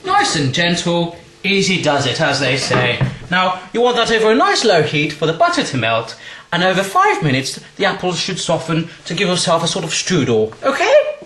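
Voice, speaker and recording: A man's voice: sits high, huge pitch swings, normal speed, fairly bright tone, reverberant, pitched below the performer's own voice, exaggerated voice. A man playing his jolly great-great-granddad with a put-on English accent that keeps slipping into Australian, presenting like a documentary host. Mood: jolly hammy. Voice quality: hammy and chipper, documentary-presenter manner. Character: jolly old-timey male ancestor, great-great-granddad. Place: home kitchen.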